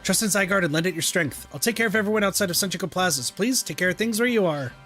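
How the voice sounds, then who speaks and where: Man reading reassuring detective, earnest, lively high voice, faint music. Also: racing. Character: steady protective city detective, man.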